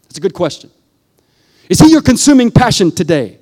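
A male preacher with a notably high voice delivers a fervent sermon. He sinks into hushed, low stretches and then climbs to emphatic peaks. He keeps turning to the congregation with a repeated "listen.". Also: very animated, normal speed.

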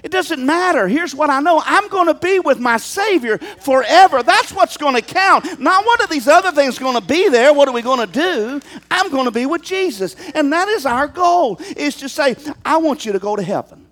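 A man preaching a sermon from the pulpit in a strikingly high voice. His pitch leaps up and down as he tells stories. He keeps turning to the congregation with rhetorical questions. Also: expressive, normal speed, hardly any pauses, a bit bright. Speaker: pastor.

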